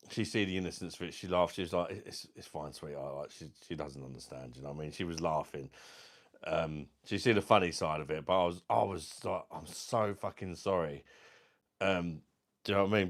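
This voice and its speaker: Deep-voiced rambling man, casual swearing. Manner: rambling, swears often, laughs through stories; keeps saying "do you know what I mean". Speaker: beer review vlogger. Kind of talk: casual storytelling chat.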